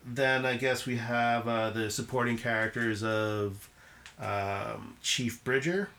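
A man co-hosting a film podcast, talking in a casual, halting way with many ums and restarts. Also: medium pitch, fairly even intonation, bright, forceful tone. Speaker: podcast co-host.

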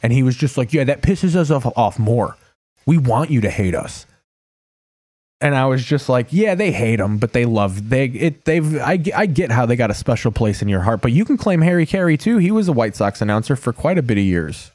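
A man's voice: mid-range voice, big pitch swings, a little fast, hardly any pauses, darkish tone, dry recording. A man hosting a casual live stream, talking loosely over TV clips with profane, wry asides. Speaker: streamer host.

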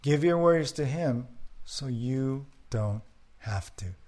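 Pastor, male, slow earnest delivery, prayerful sermon, mid-pitch. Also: lively intonation, a little mellow. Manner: earnest, repetitive rhetorical questions.

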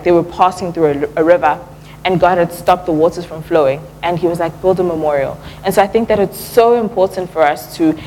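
A young woman preaching a relaxed, conversational sermon at church, often pausing with "um" and dropping in casual slang. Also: lowish voice, slight background noise, poor audio. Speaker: church speaker.

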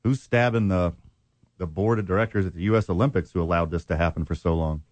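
A man co-hosting a sports radio show, talking in sarcastic, deadpan banter. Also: low voice, fast talker, no room sound. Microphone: studio microphone.

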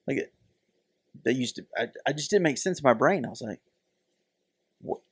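A middle-aged man co-hosts a podcast, his mid-range voice brisk and husky as he chats casually, animatedly telling stories and acting out the voices. The recording is dry and of studio quality.

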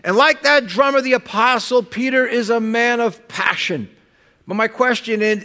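A man preaching a sermon as pastor, conversational and animated, with sudden loud bursts and quiet drops. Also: sits high.

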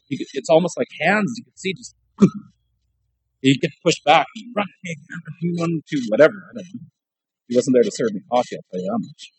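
Husky man preaching a dramatic sermon. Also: a little high, no echo, rough recording. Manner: animated, dramatic storytelling that swings loud and soft. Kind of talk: storytelling sermon with closing prayer. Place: church sanctuary.

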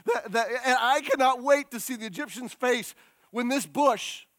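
Man, preacher, sermon, lively humorous storytelling, very high voice, dry close sound. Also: moderate pace, no room sound.

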